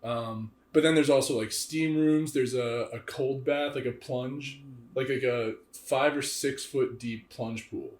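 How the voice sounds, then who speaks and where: A young man co-hosting a podcast, chatting in an animated way, laughing often and filling his talk with "like" and "dude". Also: mid-range voice, unhurried. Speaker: podcast co-host. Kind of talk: casual chat. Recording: echoey room.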